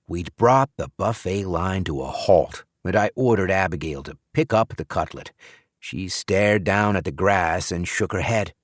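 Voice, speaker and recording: A man narrating a novel in the first person, wry and expressive. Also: deep voice, a little slow, no room sound. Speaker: audiobook narrator.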